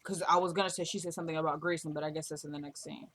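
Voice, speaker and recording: A woman's voice: deep voice, fairly even intonation, very fast. A woman recapping a TV drama episode in casual chat, retelling scenes through quoted dialogue and gushing about the actors. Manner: gushes, laughs. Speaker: TV episode reviewer.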